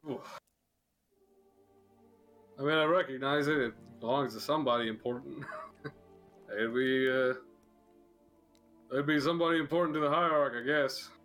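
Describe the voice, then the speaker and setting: A man's voice: medium pitch, moderate pace, long pauses, a bit bright, soft background music, lightly acted. A man voicing a tavern barkeep who answers in a casual, shrugging way. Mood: offhand. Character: offhand male tavern barkeep.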